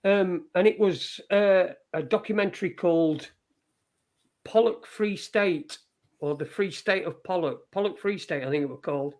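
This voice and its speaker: A man with a notably high voice, talking casually on a video call. He swears easily and tosses out loose questions. The sound comes through an online call. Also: moderate pace, a little mellow. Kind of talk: casual chat.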